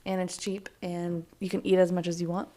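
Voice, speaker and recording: A young adult woman co-hosting a podcast in casual chat, telling lively stories, acting out the quotes and swearing freely. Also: fairly low pitch, brisk. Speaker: podcast co-host.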